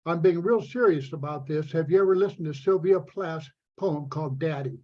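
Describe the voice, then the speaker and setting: A man's voice: fairly high pitch, normal speed. A man who is an editor, speaking earnestly and emphatically over a muffled video call. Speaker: editor and poet.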